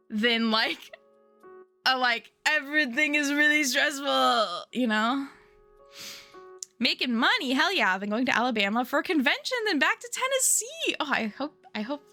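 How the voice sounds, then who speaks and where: A woman's voice: a little high, bright, forceful tone. Woman, young adult, streamer, rambly giggly chat, faint music behind. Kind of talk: casual chat with live viewers.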